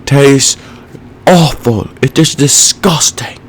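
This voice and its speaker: A man imitating a furious male celebrity chef who scolds cooks in a loud, scornful, drawn-out voice. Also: mid-range voice, slight background noise, voice pushed up, natural voice. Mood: disgusted.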